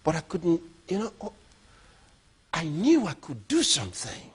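Husky guy pastor preaching, pretty high voice, goes from loud bursts to quiet storytelling. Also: huge pitch swings, unhurried. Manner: emphatic, swinging between loud outbursts and low storytelling. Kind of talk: sermon.

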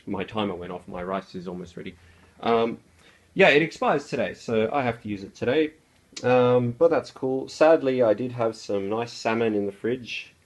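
A man's voice: medium pitch, normal speed. A young Australian man chatting casually as he cooks in a small kitchen, rambling with lots of fillers and slang. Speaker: vlogger. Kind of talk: casual cooking vlog.

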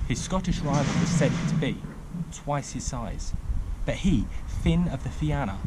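A man's voice: medium pitch, expressive, a little slow, heavy background noise. Man telling a picture-book story. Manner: chatty, explaining asides.

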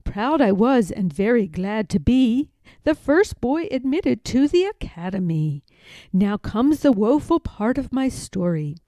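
The sad ghost of a young scientist, as a woman reader puts him on in a storybook, telling his tale mournfully. The voice is slow and mellow, with a wide sing-song range. The recording is dry. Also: on the high side, big pitch swings, no echo.

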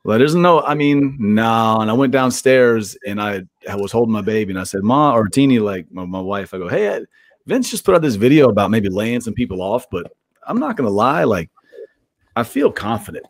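A man's voice: fairly low pitch, a little fast, dry recording. A man, a pro wrestler, telling a story in a casual interview, swearing freely and acting out what others said. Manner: animated, profane, acts out quotes.

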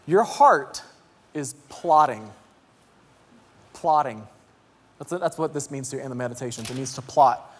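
A man in his thirties preaching in a church, telling a story with deep emotion and shouting out his kids' voices. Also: lively intonation, a little slow, pauses often, husky. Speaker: pastor. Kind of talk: sermon. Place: church sanctuary. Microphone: handheld mic. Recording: long hall reverb in a church.

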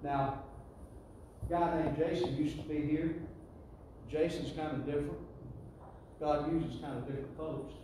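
A man preaching a sermon, building to loud call-and-response with the congregation. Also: fairly high pitch, steady tone, measured pace, pauses often, noisy background. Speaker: pastor. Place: church sanctuary. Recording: echoey church hall, distant mic.

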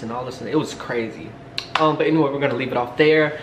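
A man's voice: fairly high pitch, fast talker, a bit bright, slight background noise. A young man vlogger telling a candid, rambling storytime in a casual way, full of fillers. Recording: echoey room.

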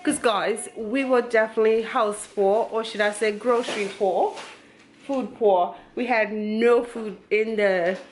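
A woman's voice: on the high side, fairly even intonation, a little hiss or hum. A woman in a put-on British accent, chatting casually and teasingly to viewers of a family vlog. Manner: slow, teasing, talks straight to viewers. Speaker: family vlogger.

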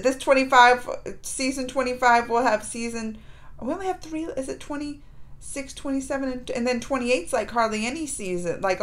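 A woman hosting a reaction video, casually and emotionally retelling scenes in colloquial speech. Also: mid-range voice.

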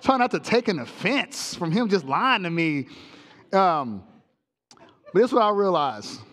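A male pastor preaching a sermon, telling a comic story with sound effects in an animated way. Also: high-pitched, measured pace, in a large hall. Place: church sanctuary.

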